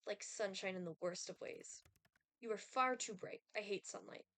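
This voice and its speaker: A woman voicing a cold, sardonic male Grim Reaper in a dating game, speaking in a dry, disdainful, deadpan way. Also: mid-range voice, moderate pace, lightly acted. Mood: scornful.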